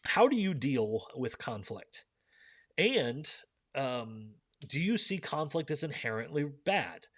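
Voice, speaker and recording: A man's voice: mid-range voice, sing-song, slow, fairly bright tone, no room sound. A man leading a live book discussion, reading scripture aloud and putting questions to his listeners in an earnest way.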